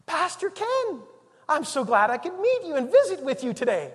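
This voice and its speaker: A woman's voice: high voice, very animated, moderate pace, long reverb tail, pitched above the performer's own voice. A man putting on a cheery old churchwoman. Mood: cheerful. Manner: bright, grinning, sing-song. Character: cheerful elderly churchwoman visiting a pastor.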